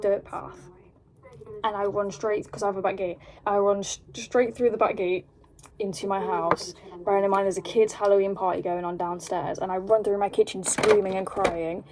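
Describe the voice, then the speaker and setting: A young woman with an English accent telling a rambling, animated story at home while doing her makeup, full of "like". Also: medium pitch, poor audio. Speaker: vlogger. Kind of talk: casual storytime chat.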